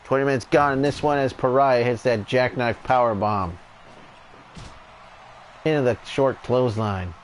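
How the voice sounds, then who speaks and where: A man doing relaxed, chatty play-by-play commentary over a wrestling video game, going off on tangents now and then. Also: mid-range voice, normal speed, long pauses, slight background noise.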